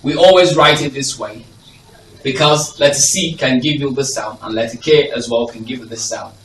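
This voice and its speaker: A male English teacher leads a class through a phonics lesson, repeating example words with stress and checking that everyone is following. His mid-range voice is a bit bright and moves at a normal speed. The room is echoey and he sounds distant from the mic.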